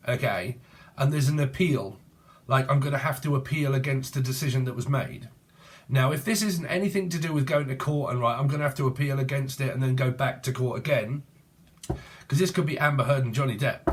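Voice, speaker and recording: A man, giving a rambling, casual tarot reading and free-associating while swearing freely. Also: medium pitch. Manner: free-associating, swears, breaks into song snatches. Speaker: tarot reader.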